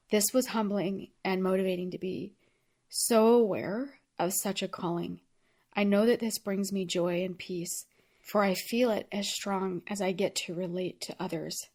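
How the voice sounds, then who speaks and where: A woman's voice: mid-range voice, steady tone, unhurried, a little mellow. A woman hosting her own show, talking through a personal story in an earnest, heartfelt way, chatty and full of casual fillers. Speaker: podcast host. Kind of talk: personal reflective monologue.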